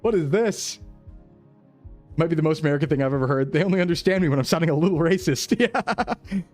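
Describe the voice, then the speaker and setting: A man's voice: a little high, racing, a little mellow. A young man streaming a geography game, chatting casually with his viewers, joking and laughing often. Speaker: VTuber streamer. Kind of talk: casual livestream chat while playing. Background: faint background music.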